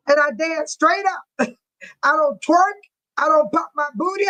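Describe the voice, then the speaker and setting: A woman's voice: high voice, a little slow, pushed and bright, rough recording. A middle-aged woman, hosting a casual livestream chat, laughing often and reading out viewer comments. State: laughing to tears. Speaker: livestream host.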